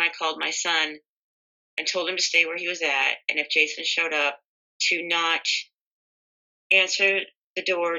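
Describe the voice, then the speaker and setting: Bright-voiced middle-aged woman recounting. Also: lowish voice, creaky, low-quality recording. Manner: earnest, emotional storytelling. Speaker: interviewee. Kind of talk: personal testimony.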